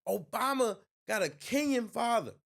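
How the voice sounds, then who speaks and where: A man hosting a reaction video, talking in a loud, heated and mocking way. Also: extremely high pitch, animated, normal speed, vocal fry. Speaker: host reacting to a clip. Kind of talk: casual reaction commentary.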